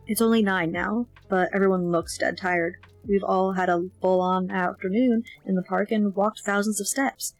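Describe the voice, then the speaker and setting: A woman narrating a young-adult novel in the first person, with expressive, lively delivery of the dialogue. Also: medium pitch, moderate pace, gravelly, hardly any pauses, no echo, rough recording. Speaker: audiobook narrator. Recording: faint background music.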